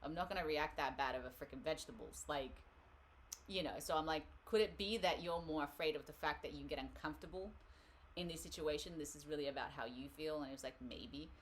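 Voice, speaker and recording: A woman's voice: deep voice, fast, a little hiss or hum. A woman hosting a live tarot reading, talking casually and rambling with frequent laughs. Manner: chatty, rambling, laughs often.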